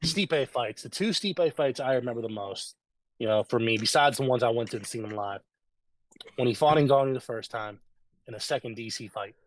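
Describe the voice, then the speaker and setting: A man co-hosting a casual podcast chat, telling stories with rising excitement and getting loud when hyped. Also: medium pitch, moderate pace, dry recording. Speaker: podcast co-host.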